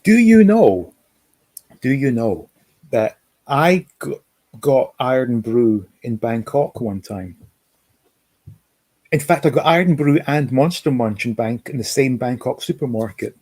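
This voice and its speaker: A man's voice: medium pitch, unhurried, a little mellow, no echo. A man hosting a livestream, rambling casually, reading out chat comments and reminiscing. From Scotland. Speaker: livestream host. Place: home, lives in America.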